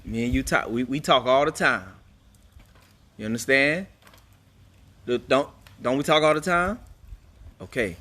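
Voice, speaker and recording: A man's voice: mid-range voice, measured pace, pauses often, sharp tone. A man talking casually outdoors to people on a live stream, telling a story in a loose, repetitive way and calling his listeners "man" again and again. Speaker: father streaming live to followers. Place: outdoors at home.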